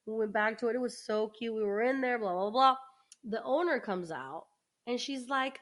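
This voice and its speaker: Animated woman telling a story. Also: a little high. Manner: animated, chatty storyteller, restarts and quick asides. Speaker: podcast co-host. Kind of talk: casual storytelling.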